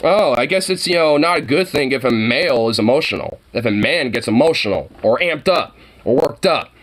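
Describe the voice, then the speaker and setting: A man's voice: medium pitch, expressive, a little fast, fairly bright tone. A man venting to camera in a heated, rambling monologue, swearing constantly and filling gaps with "you know" and "like". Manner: heated, profane, rambling with many fillers. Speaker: vlogger.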